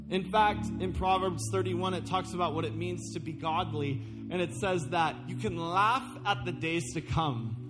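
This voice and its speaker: A man preaching a sermon in a church, earnest and emphatic, easing into a soft pleading tone with the congregation. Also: fairly high pitch. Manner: earnest, rising to emphatic, then softly pleading. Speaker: pastor. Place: church sanctuary. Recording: church service audio with music underneath. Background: worship music.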